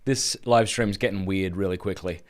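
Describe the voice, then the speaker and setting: A man's voice: low voice, steady tone, normal speed. Earnest Australian man telling a story. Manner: casual, chatty, earnest, many restarts. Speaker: Catholic speaker and podcast host. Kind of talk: live stream talk, storytelling.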